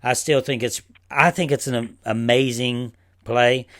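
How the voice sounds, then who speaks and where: Male podcast host, relaxed chatty talk, dry close sound. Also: mid-range voice, a little slow, no echo. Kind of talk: casual interview talk.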